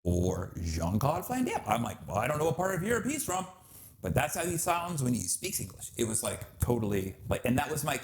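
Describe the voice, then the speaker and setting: Animated man telling stories on a podcast. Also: medium pitch, a little fast. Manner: animated storyteller acting out quotes, swears freely. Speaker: podcast host. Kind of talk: casual chat, storytelling.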